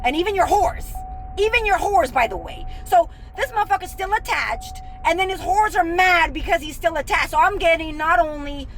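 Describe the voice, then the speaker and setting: A woman with a high voice delivers a furious, swearing monologue. She sounds bitter and sarcastic, leaning hard on each point as she vents. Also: lively intonation, normal speed, a little hiss or hum, rough recording. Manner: profane, heated and emphatic. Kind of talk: angry venting monologue.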